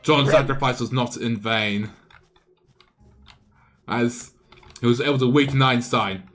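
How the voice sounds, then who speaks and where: A man streaming live, spinning a playful, improvised story over a game battle at a mid pitch. He stumbles and restarts often, with faint music running behind him. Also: measured pace, fairly bright tone.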